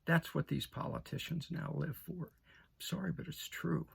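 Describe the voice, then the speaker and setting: Older male commentator, gravelly and husky, emphatic and repetitive. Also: fairly high pitch, moderate pace. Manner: emphatic, repeats phrases, asks "okay?". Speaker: political commentator. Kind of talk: opinion monologue to camera.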